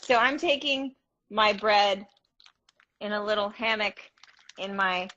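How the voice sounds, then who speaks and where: A woman's voice: mid-range voice, slow pace, pushed and bright, lo-fi sound, a little hiss or hum. A woman actor chatting casually and self-deprecatingly while baking at home on a live stream. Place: home kitchen. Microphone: phone or video call.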